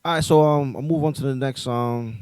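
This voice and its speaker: A man's voice: mid-range voice, fairly quick, darkish tone, clean tone, dry recording. A man hosting a casual podcast, laid-back and full of ums as he moves between topics. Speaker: podcast host.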